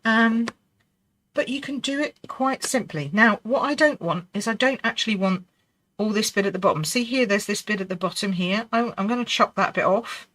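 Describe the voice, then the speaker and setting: A woman's voice: medium pitch, normal speed, a bit bright. A middle-aged woman hosting a live card-making lesson, chatty and reassuring, laughing often and talking to herself as she works. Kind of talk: live crafting demonstration.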